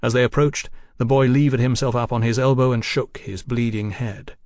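A man narrating an audiobook in a steady, even storytelling manner. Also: mid-range voice, moderate pace, no echo, clean studio sound.

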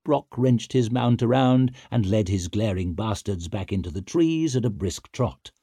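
A man narrating a gritty fantasy audiobook in a measured storytelling manner with dry wit. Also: on the low side, animated, warm tone, breathy edge, dry recording. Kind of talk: scripted narration.

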